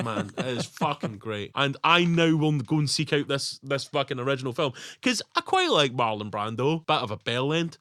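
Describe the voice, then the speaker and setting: A man's voice: a little high, sing-song, normal speed, few pauses, sharp tone, dry recording, studio quality. A man co-hosting a podcast, talking in casual, sweary, mocking banter. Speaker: podcast co-host. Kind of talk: casual chat.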